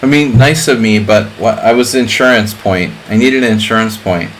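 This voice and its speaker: Middle-aged guy streaming chess, rambly chat, bit low voice, faint ac hum behind. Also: moderate pace, rough recording. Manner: rambling, chatty, full of "like" fillers. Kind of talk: casual live-stream chat.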